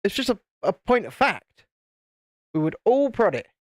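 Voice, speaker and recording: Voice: mid-range voice, very animated, moderate pace, dry recording, studio quality. A British host chatting wryly with a live chat while building a model, teasing and joking. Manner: wry, teasing banter with the chat.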